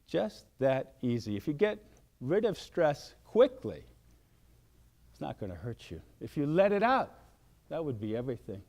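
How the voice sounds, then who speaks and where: An older man giving a motivational wellness talk, animated and acting out shouted outbursts. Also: mid-range voice, normal speed. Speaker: wellness speaker.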